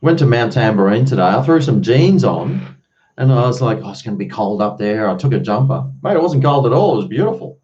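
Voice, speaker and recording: A man's voice: medium pitch, expressive, a little fast, darkish tone, lo-fi sound. An Australian man live-streaming, chatting casually with viewers and answering their comments in a blunt, freely swearing way.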